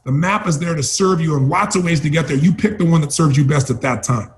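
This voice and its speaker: A man's voice: a little high, fast. A man giving an emphatic motivational training talk, urging and repeating key phrases. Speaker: motivational speaker.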